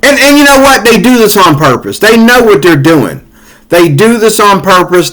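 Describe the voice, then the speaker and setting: A man's voice: high voice, expressive, normal speed, fairly bright tone, poor audio. A man hosting a commentary channel, reacting heatedly to news clips in a casual, repetitive way. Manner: heated, repetitive, conversational with fillers.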